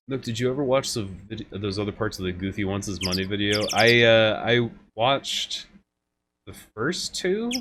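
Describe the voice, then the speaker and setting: A man with a lowish voice streams a game, chatting casually with viewers and joking and laughing often. Heavy background noise and loud game music sit behind his gameplay commentary.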